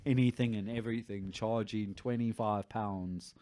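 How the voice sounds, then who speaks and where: A man from Britain co-hosting a comedy podcast, swearing freely and tossing in quick, crude asides. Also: fairly low pitch, fairly even intonation, warm tone. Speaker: podcast co-host. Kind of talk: casual comedic chat.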